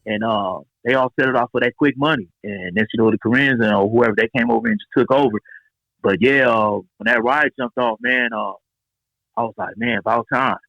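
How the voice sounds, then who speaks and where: A man's voice: mid-range voice, a little fast, gravelly, no room sound, lo-fi sound. A man in his forties from Los Angeles, telling street stories as an interview guest and acting out the quotes. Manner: animated street storytelling, acts out quotes. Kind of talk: casual storytelling interview.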